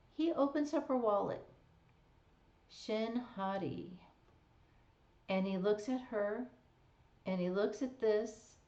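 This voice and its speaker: A woman's voice: a little high, darkish tone. A woman hosting a live stream, recapping a drama in casual chat with fillers and laughs. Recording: echoey, dull lo-fi stream audio.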